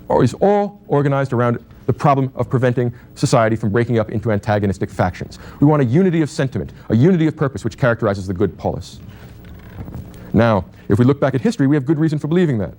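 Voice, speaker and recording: A man's voice: medium pitch, mellow. A man giving a university lecture on political theory, thinking aloud with restarts and asides.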